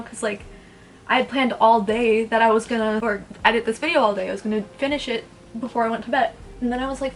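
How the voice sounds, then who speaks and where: Young woman in her 20s, rambly beauty chat at home, a bit high-pitched, faint hiss behind. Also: steady tone, fast. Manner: chatty, rambling and blunt, swears freely. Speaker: beauty vlogger. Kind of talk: casual get-ready-with-me chat.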